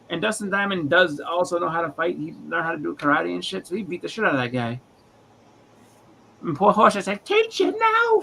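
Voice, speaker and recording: A man chats loosely on a livestream, spinning long rambling anecdotes and acting out the people in them. His voice is bright and forceful, sitting a touch high for a man. A faint noise sits under the recording. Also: vocal fry, poor audio. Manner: rambling storyteller, acts out quotes in funny voices. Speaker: livestream co-host. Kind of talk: casual chat.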